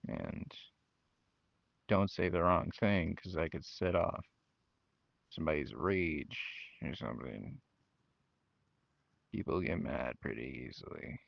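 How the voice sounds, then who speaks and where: A young man speaks straight to his viewers, frank and venting, slipping into mocking voices when he quotes his family. His voice is very deep and gravelly, and his pace is unhurried. The recording is dry and a bit dull and lo-fi. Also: no room sound. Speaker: channel host. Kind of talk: personal talk to camera. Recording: dull lo-fi mic.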